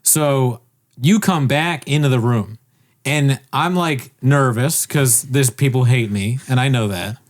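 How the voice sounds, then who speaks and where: A man's voice: medium pitch, a little slow. A man telling a rambling story in casual podcast chat, swearing and acting out what people said. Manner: rambling, animated, swears, acts out quotes.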